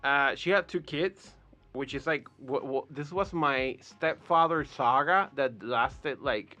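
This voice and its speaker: A man from Puerto Rico, a podcast guest, telling a wild story in a casual, profane, animated way. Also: medium pitch, slow, faint music behind.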